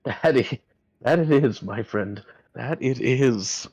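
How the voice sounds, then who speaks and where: A man voicing a jovial, chummy male spellcaster in a tabletop game, warm-hearted and drawn-out. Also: mid-range voice, breathy edge, voice pushed up.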